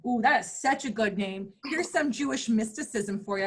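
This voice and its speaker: A woman in her thirties doing a bawdy stand-up set, playful and crude, often jumping into high mock voices for punchlines. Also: animated, normal speed, breathy edge. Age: 30s. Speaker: stand-up comedian.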